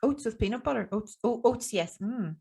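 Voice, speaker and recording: A woman's voice: on the high side, lively intonation, normal speed, vocal fry, mellow, husky. Brief: young Northern Irish woman, casual podcast host, laughs easily, chatty. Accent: Northern Irish, Tyrone border. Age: young adult. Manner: laughs often, chatty, local expressions. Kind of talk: casual interview chat.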